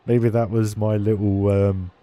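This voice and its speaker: A man's voice: lowish voice, lo-fi sound, slight background noise. A man chatting casually on a live stream, laughing often and answering chat. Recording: faint music behind.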